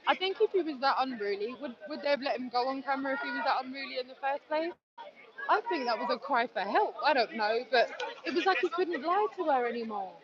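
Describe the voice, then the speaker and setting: A woman in her forties from Scotland, arguing her case in a lively, mocking, conversational way at an outdoor speakers' gathering. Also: high voice, quick pace. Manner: animated, conversational, mocking asides. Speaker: street speaker. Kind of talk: outdoor debate chat. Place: outdoors in a busy public park. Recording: dull sound, loud crowd around. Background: loud crowd chatter.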